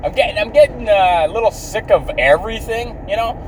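A man's voice: high-pitched, expressive, a little fast, recorded from a distance, noisy background. A man in his thirties from Canada ranting outdoors in a bitter, profane way, swearing constantly.

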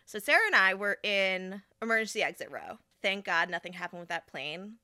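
On her podcast, a young woman tells a casual story a little fast, barely pausing, her voice mid-range. She animatedly plays the characters, quoting them in put-on voices, and there's no echo on the recording.

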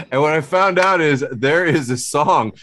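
A man's voice: on the high side, a bit bright. A man hosting a casual comedy podcast, rambling with lots of fillers and frequent laughs. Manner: rambling, many fillers and restarts, laughs often. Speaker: podcast host.

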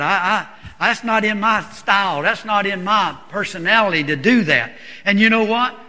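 A man speaks to a church congregation in a high voice with a sharp, bright edge. He preaches earnestly and emphatically, often restarting and repeating his words. His voice rings with the long reverb of a church hall. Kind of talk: sermon testimony to a congregation.

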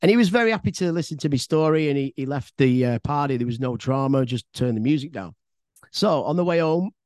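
A man's voice: medium pitch, darkish tone, dry recording, clean studio sound. A man with an English accent telling a personal story on his podcast, in a rambling, chatty way with frequent swearing and repeated words. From England. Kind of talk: casual spoken storytelling.

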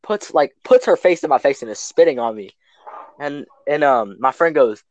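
A man's voice: medium pitch, animated, moderate pace, a little mellow, no echo, poor audio. Young man telling a rambling story. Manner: rambling, many fillers and restarts. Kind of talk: casual storytelling.

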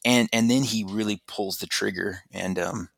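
A man with a very low, gravelly voice tells a story in casual talk. His tone is husky, and he acts out quoted lines in a raised, animated voice. The sound is dry and close. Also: moderate pace, no room sound. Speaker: podcast guest telling his story.

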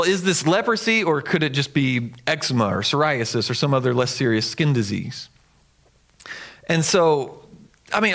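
A man's voice: medium pitch, a bit bright. A man who is a pastor, preaching a sermon in an earnest, emphatic and conversational way with the odd filler.

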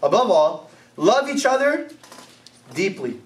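This young pastor preaches with a high, lively voice that leaps and falls as he acts out little conversations. He is heard from some distance in an echoey church room. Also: slow. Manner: animated, exclaiming, acts out conversations. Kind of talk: sermon.

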